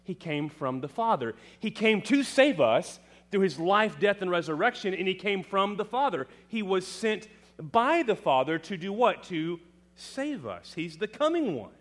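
A man delivering a sermon with a very lively, swinging pitch. He rises to loud, emphatic proclamations and sinks back to quiet low lines, often putting questions to the congregation and answering them himself. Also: unhurried. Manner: dramatic, rising to loud emphatic proclamations then dropping low. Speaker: preacher.

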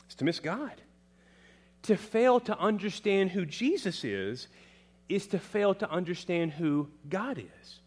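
A man delivering a sermon with a very lively, swinging pitch. He rises to loud, emphatic proclamations and sinks back to quiet low lines, often putting questions to the congregation and answering them himself. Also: unhurried, breathy edge. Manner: dramatic, rising to loud emphatic proclamations then dropping low. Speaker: preacher.

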